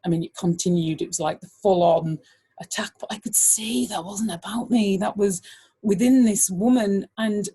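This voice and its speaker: Husky lady, middle-aged, guest speaker telling a story, lots of "like". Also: medium pitch, normal speed. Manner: animated, full of "like" fillers, acts out voices. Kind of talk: personal storytelling talk.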